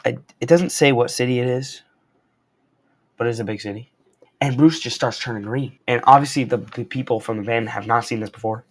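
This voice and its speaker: Slangy, excitable young man reviewing comics. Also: medium pitch, fairly quick. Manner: slangy and excitable, lots of "bro" and "like". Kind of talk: casual comic read-through and review. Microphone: wearing a corded mic while walking around.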